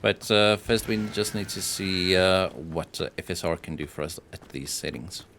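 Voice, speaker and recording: A man giving casual voice-over commentary on gameplay benchmarks, hesitant and matter-of-fact, often pausing with filler sounds. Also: low-pitched, fairly bright tone, a little hiss or hum.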